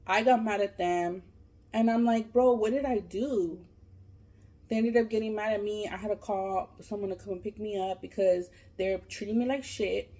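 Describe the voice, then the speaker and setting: A woman vlogger telling a long story while she eats, casual and animated, full of fillers and swearing. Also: medium pitch, moderate pace. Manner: animated, profane, lots of fillers. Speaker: mukbang vlogger.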